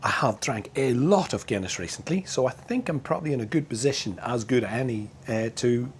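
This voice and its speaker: A man's voice: mid-range voice, lively intonation, a little fast, a little hiss or hum. A middle-aged man with a Northern Irish accent, chatting casually and laughing as he reviews a beer outdoors in his backyard. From Northern Ireland.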